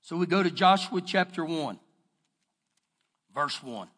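A man with a Texan accent preaching a sermon as pastor, talking emphatically and conversationally, with bursts of shouting. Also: on the high side, animated, a little slow, pauses often. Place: church sanctuary. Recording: long hall reverb from a church sanctuary.

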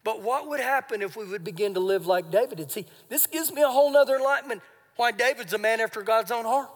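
A pastor delivers a fast live sermon in a church sanctuary, his voice very high for a man and ringing with long reverb. He swings between shouting and hushed, confiding retellings of scripture.

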